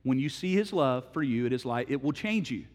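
A man's voice: medium pitch, lively intonation, fairly quick. Emphatic preacher man in a reverberant hall. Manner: storytelling, swings from hushed to loud and emphatic. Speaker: pastor. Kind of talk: sermon.

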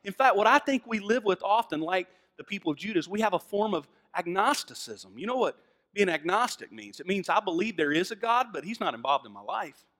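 A man with a Southern American accent preaching a sermon, moving from hushed lines to loud, fervent emphasis. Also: high voice, big pitch swings, brisk. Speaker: pastor.

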